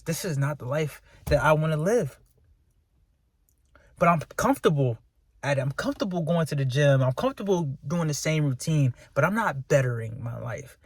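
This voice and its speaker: A man's voice: on the high side, slightly rough, no echo. A man, venting in a candid, self-critical, profane rant to his viewers. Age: 20s. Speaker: vlogger.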